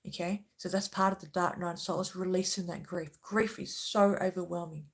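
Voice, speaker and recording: A woman's voice: lowish voice, fairly even intonation, a little fast. A woman hosting a spiritual channel, speaking earnestly and passionately to her viewers, often checking in with "okay?". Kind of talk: emotional spiritual talk to viewers.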